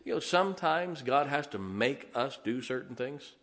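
A man in his forties preaching a folksy, humorous sermon, swinging between loud emphasis and soft asides. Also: mid-range voice, lively intonation, moderate pace. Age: 40s. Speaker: pastor.

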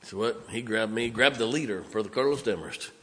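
A pastor preaching a sermon, telling a personal story with dramatic swings from loud emphatic bursts to hushed low lines. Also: male voice, fairly quick. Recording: long hall reverb.

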